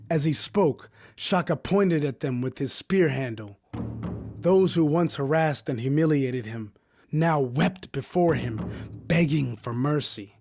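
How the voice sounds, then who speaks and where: A man reading an epic poem aloud as an audiobook, in measured, solemn storytelling. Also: a little high, a little mellow, dry recording, studio quality, faint music behind. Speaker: audiobook reader. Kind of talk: scripted narration of an epic poem.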